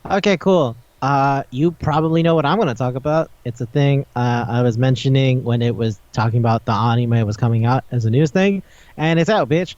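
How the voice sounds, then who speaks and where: A man hosting a podcast, retelling an anime episode in a profane, excitable way. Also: medium pitch, brisk, dry recording. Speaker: podcast host. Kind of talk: casual chat. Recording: dull lo-fi podcast audio.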